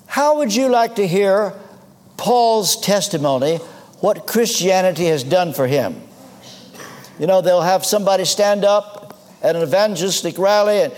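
Male preacher, high lively voice, slow emphatic sermon, echoing church hall. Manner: emphatic, rhetorical questions.

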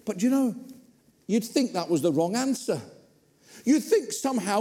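A man preaching a sermon in a church, conversational and animated with humorous asides. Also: high-pitched, moderate pace, long pauses. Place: church hall. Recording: long reverb in a hall.

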